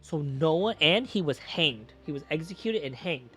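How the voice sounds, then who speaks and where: A man's voice: a little high, lively intonation, moderate pace, bright, forceful tone, breathy edge. A man streaming a game, reading the lines aloud and chatting and laughing with a friend. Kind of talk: casual game commentary.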